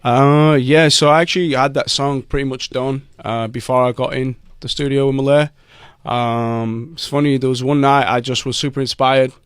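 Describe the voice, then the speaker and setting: A man's voice: medium pitch, fairly even intonation, moderate pace, clear, resonant tone. Laid-back man chatting. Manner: laid-back, rambling, with many ums and likes. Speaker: guest singer. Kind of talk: casual interview chat.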